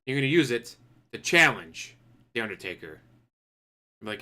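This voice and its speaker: Profane ranting man with a bright voice. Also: medium pitch, sing-song, normal speed, pauses often. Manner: profane, ranting, acts out quotes in put-on voices. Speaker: streamer. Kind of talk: casual ranting commentary.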